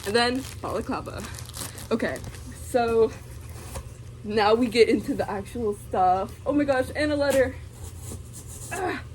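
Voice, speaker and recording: A woman's voice: on the high side, measured pace, long pauses, darkish tone, a little hiss or hum. A young woman vlogging casually, giggling and gushing with many fillers as she unboxes something.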